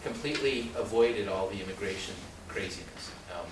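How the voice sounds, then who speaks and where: A man born in Mexico and raised in San Diego, giving a storytelling talk as an author at a library and often laughing and jumping up in pitch. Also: brisk. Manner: lively, laughing storyteller with sudden jumps up in pitch and loudness. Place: public library event room. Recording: very echoey room, distant mic, noisy.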